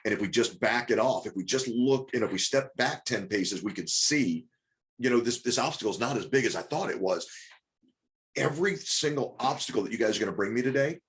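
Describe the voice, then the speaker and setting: Fast-talking, coaxing male business coach. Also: medium pitch, expressive. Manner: rapid, repetitive restarts, coaxing and rhetorical questions. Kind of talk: live group coaching call.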